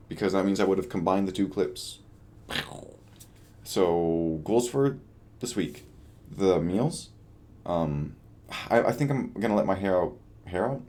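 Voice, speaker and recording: A man's voice: fairly low pitch, mellow. A young man in his twenties talking through a casual video diary, tired and rambling, trailing off and joking at his own expense. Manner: rambling, self-deprecating, trails off. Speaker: vlogger.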